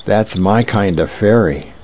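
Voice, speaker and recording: A man's voice: fairly low pitch, a little slow, a little mellow, highs cut off. A man reading as a hopeful little boy.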